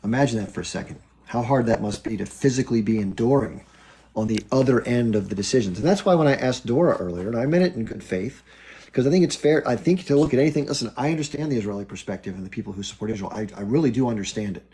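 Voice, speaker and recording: A man hosting a live stream, talking in an earnest, reflective way and laying out his argument calmly. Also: medium pitch, fast talker, poor audio. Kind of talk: casual live-stream talk.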